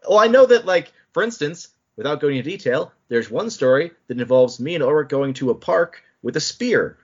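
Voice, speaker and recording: A man hosting a podcast in casual chat. He talks in an animated way, with quick asides and laughing restarts. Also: on the high side, husky. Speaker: podcast host. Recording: muffled lo-fi audio.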